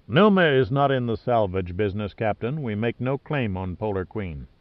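A man voicing an easygoing male ship captain who talks in a calm, low-key way. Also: normal speed, no echo. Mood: easy. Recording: dull lo-fi dry recording.

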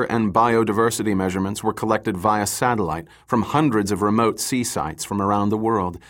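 A man giving measured, scripted audiobook narration. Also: fairly low pitch, fairly bright tone.

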